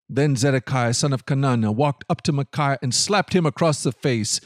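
A man narrating a scripted Bible reading with steady, clear storytelling. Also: mid-range voice, normal speed, few pauses, no room sound, studio quality.

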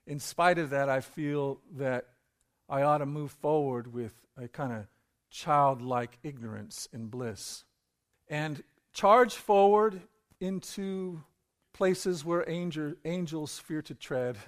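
A man preaching a sermon as pastor, reading scripture dramatically and rising to loud emphasis. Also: medium pitch, slow pace.

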